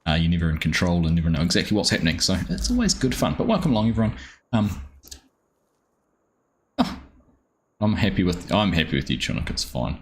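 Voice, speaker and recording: A man's voice: low voice, sing-song, fairly quick, pauses often, a little hiss or hum. A man streaming a farming game live, chatting easily and greeting viewers by name with plenty of ums.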